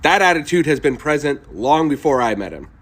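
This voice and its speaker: A man telling a story from his own life in an animated, profane way, with laughing asides. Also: fairly high pitch, fairly quick, slightly rough. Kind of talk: storytime monologue.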